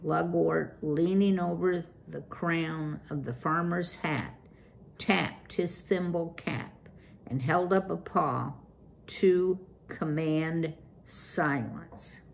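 Slow, gravelly woman reading a story. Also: low-pitched, a little hiss or hum. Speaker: storyteller reading a children's book. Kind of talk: read-aloud storytelling.

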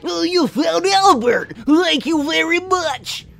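A man voicing a nerdy, excitable male scientist in a video game. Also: extremely high pitch, slow pace, creaky, faint music behind, voice pushed up, exaggerated voice. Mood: fussy.

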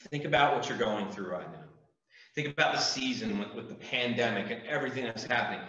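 A man's voice: mid-range voice, brisk, bright, forceful tone. A man preaching a youth group sermon as youth pastor, earnest and emphatic, with repeated calls to his listeners. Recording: echoey room, distant mic, dull sound.

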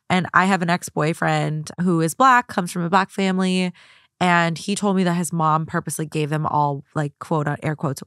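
A woman's voice: on the low side, fairly bright tone, dry recording, clean studio sound. A woman guest co-hosting a podcast in casual chat, rambling with lots of fillers. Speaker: guest co-host.

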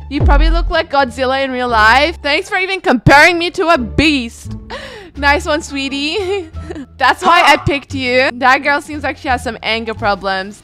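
A woman's voice: sits high, bright, forceful tone. A woman hosting a gaming video, giving playful, teasing let's-play commentary and reading the chat aloud.

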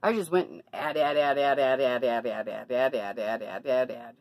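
A woman's voice: rumbling low, steady tone, normal speed, darkish tone, no room sound, low-quality recording. A woman talking casually to her camera in a personal vlog, confiding and then indignant about bad deals. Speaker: vlogger.

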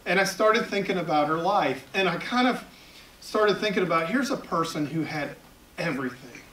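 With a voice set fairly high for a man, this Southern editorial cartoonist in his fifties recounts his cartooning days to a library event-hall audience, talkative and self-mocking. His tone is expressive, bright and forceful. The mic catches him from far off in the roomy, echoing space, with a little hiss or hum.

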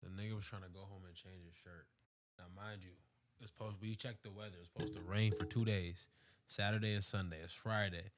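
A man's voice: fairly low pitch, fairly even intonation, fairly quick, a loud crowd. A man on a casual podcast who cuts in to add details to the story, speaking in slang. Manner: interjecting, fills in details, slangy. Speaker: podcast co-host. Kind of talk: casual chat.

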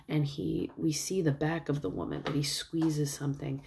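A woman's voice: low voice, normal speed, creaky, few pauses, mellow. A woman vlogger chatting casually, recapping at length with lots of "like" and "um". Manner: rambling recap full of fillers and likes. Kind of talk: casual chat.

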